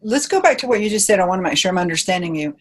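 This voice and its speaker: A woman's voice: medium pitch, racing, breathy edge, rough recording. A woman hosting an interview podcast, asking questions in a friendly, inquisitive way. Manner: friendly, lively greeting, inquisitive. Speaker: podcast host.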